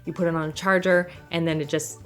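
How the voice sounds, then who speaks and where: Chatty woman vlogger, low-pitched. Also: level tone, fast talker, fairly bright tone, soft background music. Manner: chatty, rambling, laughs often, many fillers. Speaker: lifestyle vlogger. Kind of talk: casual product vlog. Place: home.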